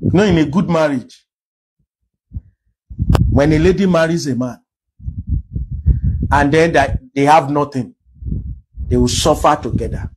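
A man's voice: a little high, a little slow, long pauses, a little hiss or hum, low-quality recording. A Nigerian man preaching a sermon as a pastor, emphatic and full of rhetorical questions.

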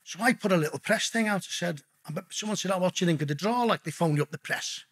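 Quick-paced and blunt, a middle-aged podcast guest with a husky, fairly high voice spins casual stories for the interview. He curses in almost every sentence and keeps saying "mate" to the host.

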